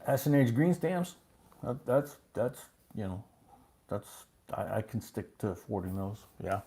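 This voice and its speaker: A man's voice: fairly low pitch, sing-song, a little hiss or hum. An older man hosting a live coin auction stream, chatting casually and rambling with chuckles between bid calls. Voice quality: gravelly and husky. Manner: rambling, chuckling, calls bids in a louder slow drawl.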